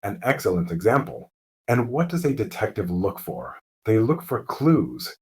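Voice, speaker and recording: A man narrating a mystery story slowly and clearly as host of a lesson for English learners. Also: fairly low pitch. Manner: calm, clear, deliberate.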